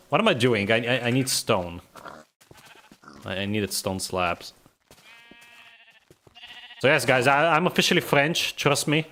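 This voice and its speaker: A man's voice: medium pitch, lively intonation, a little slow, pauses often, pushed and bright, slight background noise. A young man with a vaguely Eastern European accent, chatting and joking while streaming a game, rambling and laughing often. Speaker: gaming streamer. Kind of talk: casual live gameplay commentary.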